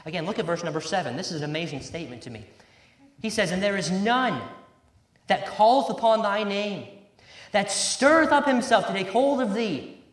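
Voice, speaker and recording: A man preaching a sermon with emphasis, repeating key words and quoting scripture in old-fashioned wording. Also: sits high. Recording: roomy echo.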